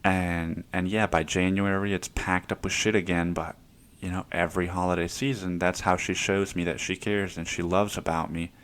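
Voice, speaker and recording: A young man hosts his own podcast, rambling casually through personal stories with plenty of swearing. His voice is low with little pitch movement and a fairly bright tone, delivered at normal speed.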